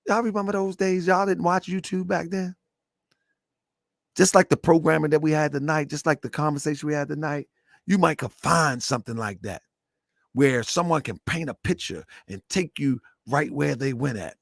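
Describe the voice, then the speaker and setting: A man's voice: on the high side, normal speed, gravelly, no echo, clean studio sound. A middle-aged man hosting a show, talking in casual, rambling commentary that keeps circling back and repeating itself. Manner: animated, rambling, repeats himself, bursts of laughter. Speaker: show host.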